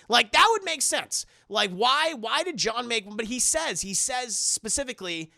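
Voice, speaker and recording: A man streaming a casual, rambling film recap to his chat, animated and swearing a lot, close to the mic. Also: high-pitched, normal speed, gravelly, few pauses, dry recording.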